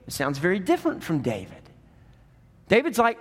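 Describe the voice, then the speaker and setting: A man preaching a sermon, animated and storytelling, acting out voices when he quotes people. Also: sits high, fairly quick, long pauses. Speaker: pastor. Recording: long hall reverb.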